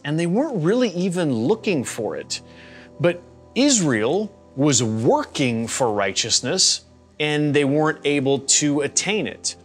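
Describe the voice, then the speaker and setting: Casual, animated man teaching the Bible. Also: medium pitch. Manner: conversational, animated, acts out people's reactions. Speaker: pastor. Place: church gathering.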